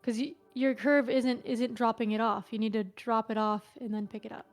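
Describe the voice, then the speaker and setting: A woman's voice: on the high side, little pitch movement, moderate pace, soft background music. A woman playing a puzzle game with a friend, playful and giving step-by-step directions. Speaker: co-player. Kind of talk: casual chat while playing a puzzle game.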